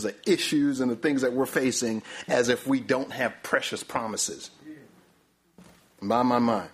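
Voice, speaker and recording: A man's voice: mid-range voice, fairly bright tone. A man preaching a sermon in a mid-range voice, often repeating "my, my, my." He calls for the next slide while he speaks.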